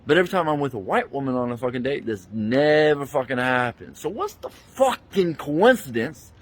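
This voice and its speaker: A man's voice: medium pitch, sing-song, moderate pace. A man angrily retelling a bad experience in a profane, indignant rant, talking into a handheld phone he keeps switching between hands. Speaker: vlogger. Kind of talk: angry storytime rant.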